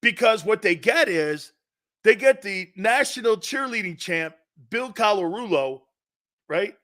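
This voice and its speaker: A middle-aged man hosting a sports talk show, his voice lively and sitting a bit high for a man. He talks slowly and loosely, laughing often and wandering into rambling asides as he reacts to comments. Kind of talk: casual live-stream talk reading viewer comments.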